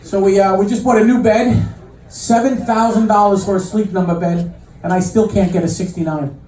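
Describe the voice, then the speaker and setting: Middle-aged new guy doing standup, deadpan, lots of uh's, heard from a bit far off with a small crowd around. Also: sits high, moderate pace. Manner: deadpan storytelling with many fillers and restarts. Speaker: stand-up comedian. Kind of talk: stand-up comedy set. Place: comedy club stage with live audience. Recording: echoey club mic heard from a distance. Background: audience laughter and room noise.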